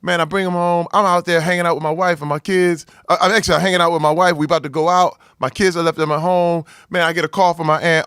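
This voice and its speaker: A man telling a personal story as a podcast guest, jumping from loud exclaiming to hushed low tones and acting out the people he quotes. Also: flat delivery, quick pace, few pauses, clear, resonant tone, no echo, clean studio sound. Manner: acts out quoted voices in his story. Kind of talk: casual storytelling.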